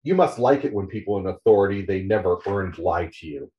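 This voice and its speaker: A man's voice: low voice, animated, a little fast, recorded from a distance, highs cut off. A man reading the lines of a bitter, foul-mouthed male journalist in a scathing, profane tirade.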